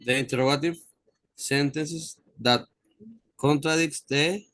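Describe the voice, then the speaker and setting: A male student, reading aloud haltingly in an online English class and repeating the teacher's corrections. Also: on the high side, a bit bright, dry recording. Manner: halting, stumbles over words and repeats corrections. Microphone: video call.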